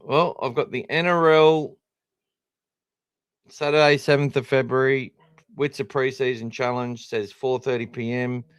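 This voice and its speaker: A man's voice: medium pitch, steady tone, a little slow, clear, resonant tone, dry recording, clean studio sound. Chatty Australian man hosting a podcast. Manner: chatty, rambling, self-deprecating. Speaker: podcast host. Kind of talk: casual live-stream chat.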